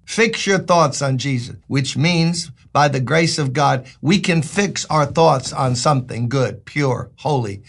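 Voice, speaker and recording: A man's voice: mid-range voice, measured pace, creaky, few pauses, a bit bright, slightly rough. An older man from Brooklyn, a pastor giving a folksy, joking devotional talk that turns emphatic. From Brooklyn, New York.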